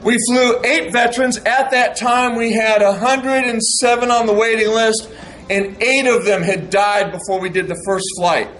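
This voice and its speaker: A middle-aged man giving an animated storytelling speech to an audience of veterans, acting out the dialogue he recounts. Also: high voice, moderate pace, poor audio. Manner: animated, acts out quoted dialogue. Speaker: speaker addressing veterans.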